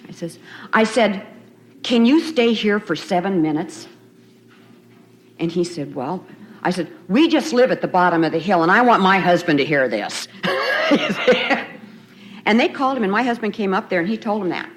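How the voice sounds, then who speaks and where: A woman's voice: mid-range voice, sing-song, normal speed. A middle-aged woman sharing her recovery story at a retreat, telling it in a loose conversational way with frequent laughs. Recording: faint noisy 1990s tape recording.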